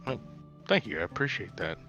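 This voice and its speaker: A man talking in character at a tabletop game, wry and hesitant. His low voice is bright and lively in pitch. The mic sounds dull and dry, with faint music. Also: fairly quick. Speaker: player.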